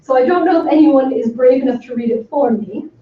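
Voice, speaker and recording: A woman giving an academic talk to a workshop audience, speaking with enthusiasm and emphasis and filling pauses with frequent ums. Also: high-pitched. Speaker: lecturer. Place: lecture room. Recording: far from the mic in an echoey room, dull and slightly noisy.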